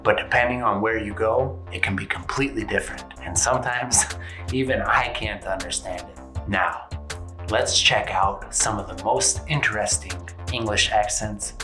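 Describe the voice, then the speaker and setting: Low-voiced man teaching in a roomy space. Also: steady tone, a little slow, sharp tone, faint music behind. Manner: playful, jokey asides. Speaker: English teacher. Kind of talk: casual explanatory video lesson. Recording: roomy echo.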